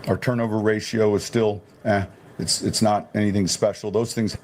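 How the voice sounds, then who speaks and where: A man answering questions as a football coach at a press conference, speaking in a halting, deliberate way. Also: on the low side, flat delivery, a little mellow.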